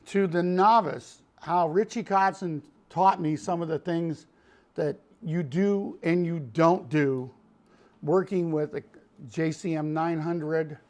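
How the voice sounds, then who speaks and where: Showing off guitar tone hands-on in a recording studio, this middle-aged Chicago-accented producer has a slightly high, slightly mellow voice. He's folksy and addresses people as "Mister."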